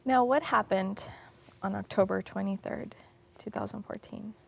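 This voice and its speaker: A woman hosting an interview, asking questions softly and reacting with quiet support. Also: mid-range voice, normal speed, gravelly, slightly rough, no room sound. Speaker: host.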